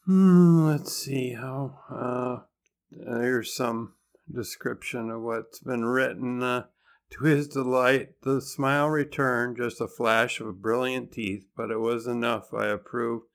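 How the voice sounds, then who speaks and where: A man's voice: medium pitch, steady tone, slow, vocal fry. A man hosting a podcast, narrating in a conversational way with dry, wry humor. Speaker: podcast host.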